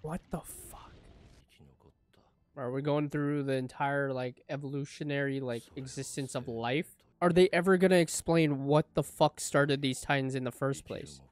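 A man reacting to an anime episode as he watches, excitable and profane, swinging between loud outbursts and hushed remarks. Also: medium pitch, moderate pace, no room sound. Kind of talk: live reaction commentary.

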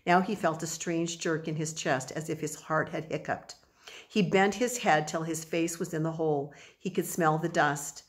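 A woman narrating a children's audiobook in a measured, expressive storytelling manner. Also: deep voice.

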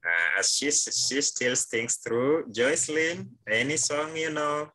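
A man's voice: fairly high pitch, slow pace, sharp tone, poor audio. A male teacher with a Kenyan accent, leading a live online class over a video call, with many hesitant fillers.

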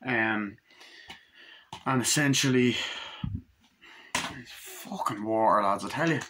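A young man casually reviewing a film, excitable, jokey and swearing freely as he walks through the scenes. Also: on the low side, takes it slowly, noisy background. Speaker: movie reviewer.

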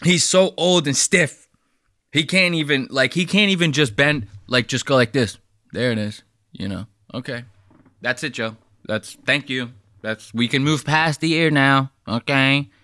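A man's voice: mid-range voice, measured pace, sharp tone, no echo. A man hosting a podcast, riffing loosely and profanely while reacting to a video. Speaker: podcast host. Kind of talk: casual reaction commentary.

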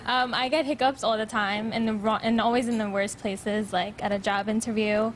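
A woman's voice: fairly high pitch, fairly even intonation, moderate pace, slight background noise. A woman in the studio audience asking a question a little shyly.

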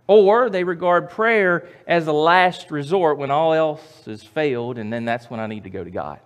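A man preaching a sermon as pastor, emphatic, repeating his phrases and swinging from loud to quiet. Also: fairly high pitch, animated, normal speed, few pauses.

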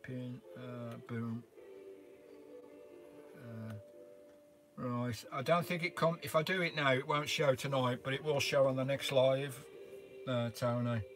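An older man hosting a casual van life live stream, rambling warmly through viewer comments with lots of "uh" fillers, recorded inside his camper van. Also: medium pitch, takes it slowly, long pauses, soft background music. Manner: chatty, rambling, frequent "uh" fillers, calls viewers mate and sugar. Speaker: vanlife live-stream host.

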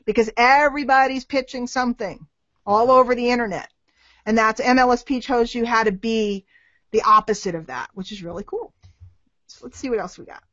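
Lively woman hosting a web call. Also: on the high side, dry recording. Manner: lively, teasing, quick to laugh. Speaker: host taking questions. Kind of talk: casual chat. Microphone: webcam on a video call. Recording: dry, dull lo-fi web-call audio.

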